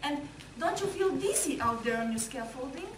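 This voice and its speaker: A woman's voice: high-pitched, lively intonation, moderate pace. Helena, a woman playing an anxious lady of the house. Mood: probing. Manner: pleading, then bitter and questioning. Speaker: student actor in a stage play. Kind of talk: amateur stage drama. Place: stage or classroom. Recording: echoey room, far from mic, clear noise.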